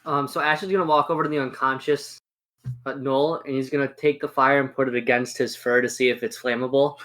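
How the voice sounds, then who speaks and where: A man's voice: medium pitch, flat delivery, brisk, a bit bright. Man rambling as a tabletop player. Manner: casual, rambling. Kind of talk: tabletop game play.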